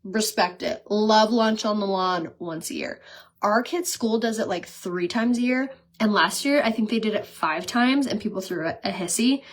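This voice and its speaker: A woman in her thirties chatting casually on a live stream while she does her makeup. She talks fast, says "like" a lot and laughs often. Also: medium pitch. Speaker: makeup seller and vlogger. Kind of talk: casual livestream chat while doing makeup.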